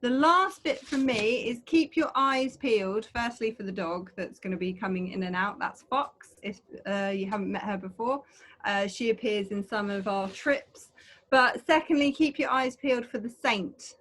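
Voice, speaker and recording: A woman's voice: fairly high pitch, moderate pace, fairly bright tone, a little hiss or hum. Chatty woman co-presenting an adventure talk. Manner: chatty, rambling, with frequent fillers. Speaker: co-host of an online adventure talk. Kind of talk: casual presentation over a video call. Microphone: video call.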